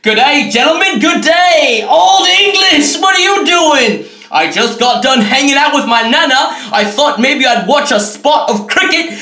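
A man's voice: extremely high pitch, big pitch swings, measured pace, pushed and bright, reverberant, distant mic, exaggerated voice. A man voicing a prim, posh male malt liquor bottle in a comedy sketch. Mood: genteel. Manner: prim, old-fashioned genteel talk.

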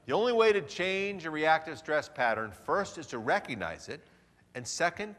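A man's voice: a little high, bright, forceful tone. A man giving a motivational seminar talk in a large hotel hall, playful and theatrical. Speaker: seminar speaker. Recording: reverberant hall.

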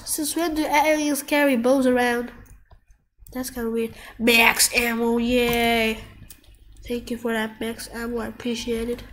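Gamer woman with a cold, high voice and slow, drawn-out delivery, excitable with trash talk. Good for playthrough commentary. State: sick, coughing. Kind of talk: live gameplay commentary.

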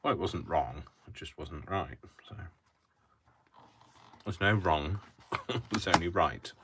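A man's voice: deep voice, slow pace, very noisy. A man hosting a live crafting tutorial from his home craft room, chatting in a wry, joking way. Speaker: crafting host.

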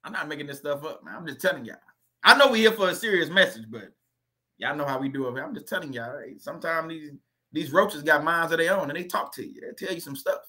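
A man's voice: on the high side, quick pace, pushed and bright. A man hosting a livestream, rambling in a joking way, laughing often and going off on chatty tangents. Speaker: livestream host.

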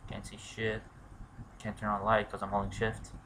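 A man mutters his way through a let's play in a lowish voice with a sharply bright, tense edge. He swears freely and breaks into shouts when danger hits. A faint noise sits under his voice. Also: monotone, normal speed. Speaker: gamer.

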